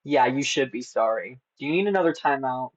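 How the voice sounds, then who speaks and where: A man's voice: mid-range voice, animated, fairly quick, no room sound. Teasing, giggly streamer man. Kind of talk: casual live-stream chat. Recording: slightly dull lo-fi sound.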